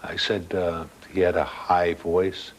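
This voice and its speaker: A man's voice: sits low, completely flat delivery, takes it slowly, a little hiss or hum. An older man telling a ghost story as a talk show guest, acting out the other people's voices. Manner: dramatic storyteller, acts out voices. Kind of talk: storytelling in an interview.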